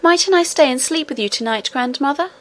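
A woman's voice: sits high, lively intonation, fairly quick, pitched above the performer's own voice. A woman voicing a young princess girl, eager and earnest, with a pleading manner.

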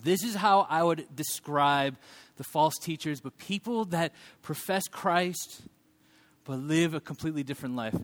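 A pastor in his thirties preaches in a fairly high, lively voice at a slightly slow pace. He blends humor with sincere teaching, shifting his voice to act out short quotes.

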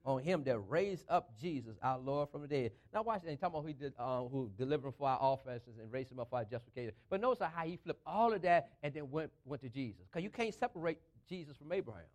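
A man with a notably high voice preaching a sermon in an emphatic call-and-response style. He builds each phrase up and drives it home, repeating lines for effect, with speech patterns. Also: lively intonation, quick pace, few pauses.

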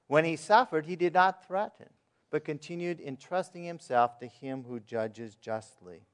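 A man's voice: on the high side, normal speed, clean tone. A man preaching a sermon in a plain, conversational way, asking his listeners questions and reading verses aloud. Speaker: pastor.

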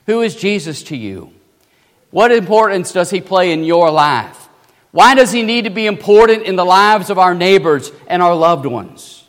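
A man delivers an emphatic sermon in a fairly high voice, leaning hard on key phrases and slowing to stress them. His volume swings from hushed to loud. The sound trails off in the long reverb of a church sanctuary. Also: lively intonation. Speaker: preacher.

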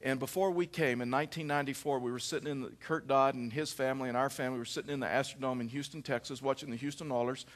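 A middle-aged male pastor preaching a sermon, telling a personal story in an animated way with frequent restarts. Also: medium pitch, fast, hardly any pauses.

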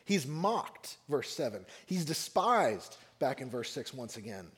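A man's voice: mid-range voice, big pitch swings, measured pace. A man preaching a sermon on a psalm, speaking expressively and acting out the mockers and the psalmist in raised voices. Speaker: pastor.

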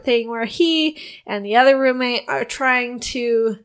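A woman with a slightly high voice, chatting casually as a podcast co-host. She talks with eager enthusiasm, walking through a comedy sketch bit by bit. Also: a little slow, clean tone. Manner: enthusiastic, retells sketches with acted quotes. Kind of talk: casual chat.

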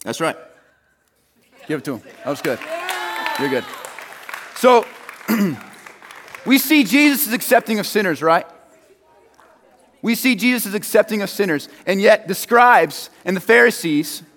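A man's voice: high voice, a bit bright, big-room sound. A man preaching a sermon in a casual, conversational way, joking with his listeners.

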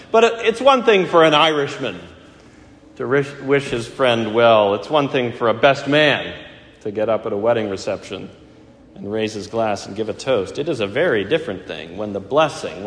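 A middle-aged man preaching a sermon in a church, conversational and gently humorous. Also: mid-range voice. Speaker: pastor. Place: church sanctuary. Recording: echoey church hall.

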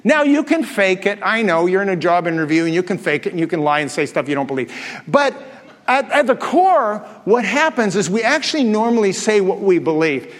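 High-voiced preacher in an echoing hall. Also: male voice, big pitch swings, brisk. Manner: conversational, asks the congregation questions. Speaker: pastor. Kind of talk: sermon. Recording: long hall reverb.

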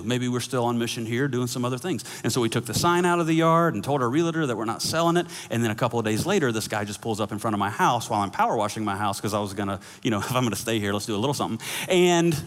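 Male pastor, mid-range voice, animated sermon storyteller, church sanctuary with lingering echo. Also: mid-range voice. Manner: animated storyteller, acts out dialogue with laughs. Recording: long hall reverb.

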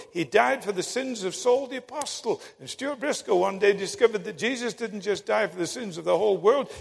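A man preaching a sermon, telling stories with dramatic emphasis and long pauses. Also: sits high, vocal fry, slightly rough. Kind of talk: sermon with storytelling. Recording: long hall reverb.

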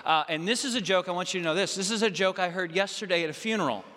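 Male pastor, high voice, halting sermon delivery with many fillers, long church reverb. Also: sharp tone. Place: church sanctuary.

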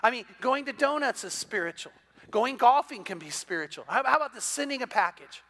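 A middle-aged man, a pastor telling a story in a sermon, animated and full of repeated "and, and" restarts as he acts out the people in it. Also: extremely high pitch, a little fast.

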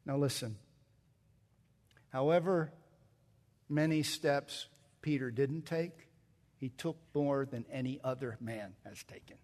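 A man's voice: mid-range voice, takes it slowly, pauses often, darkish tone, big-room sound. A man preaching a sermon, reading scripture and explaining its grammar, building to emphatic peaks. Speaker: pastor.

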